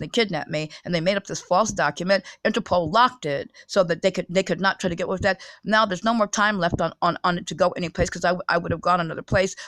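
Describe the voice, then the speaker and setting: Speaking straight to her audience, a woman with a fairly low, slightly bright voice rambles through a self-published video. She keeps stopping and starting over, repeating herself and becoming more insistent and agitated, in a dry recording.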